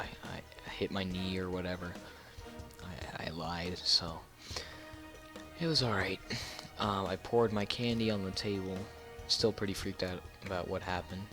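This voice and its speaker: Young male vlogger, lowish bright voice, loose rambling storytime delivery. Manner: rambling, self-correcting, lots of fillers. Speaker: YouTuber. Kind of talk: casual storytime narration.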